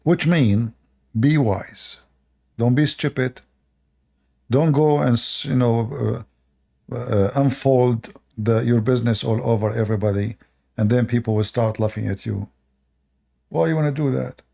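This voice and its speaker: A man's voice: medium pitch, unhurried, vocal fry, long pauses, mellow. A man hosting an online channel, lecturing viewers in non-native English, repeating short commands and asking rhetorical questions. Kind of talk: preachy advice monologue to viewers.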